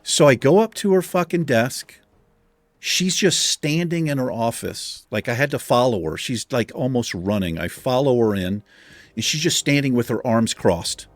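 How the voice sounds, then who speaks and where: Casual male host, salty storyteller, mid-pitched voice, close and dry. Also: expressive, moderate pace, dry recording. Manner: profane, exasperated anecdote telling. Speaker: gaming channel host. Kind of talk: casual storytelling over gameplay.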